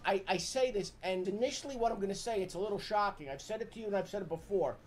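Loud, ranting New man. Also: high voice, a little hiss or hum. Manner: loud, profane, ranting, rapid repeated questions. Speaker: streamer's father, co-host. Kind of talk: casual reaction-stream chat.

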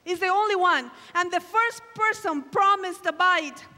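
A woman's voice: very high voice, measured pace, bright, forceful tone, big-room sound. A woman preaching a sermon at a camp meeting, emphatic and exclamatory, acting out quoted lines with dramatic flair. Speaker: guest preacher. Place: large hall at a camp meeting.

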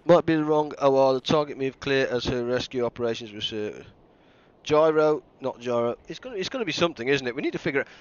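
A man's voice: medium pitch, lively intonation, rapid-fire, few pauses, highs cut off. A man doing live commentary on a game he is playing, thinking aloud and joking at his own mistakes. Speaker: game streamer.

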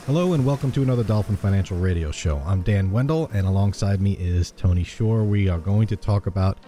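A man's voice: fairly low pitch, a little fast, dark tone. A man co-hosting a radio talk show, chatting casually and laughing easily with his partner. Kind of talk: casual chat and reading a fable aloud.

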